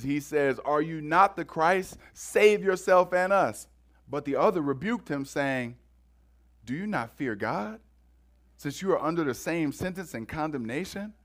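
A man preaching a sermon in a lively, conversational way, often repeating words as he goes. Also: a little high, measured pace. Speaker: pastor.

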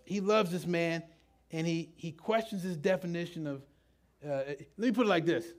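A man preaching a sermon in a loose, conversational way, often asking the congregation questions. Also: fairly high pitch. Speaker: pastor. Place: church with a live congregation.

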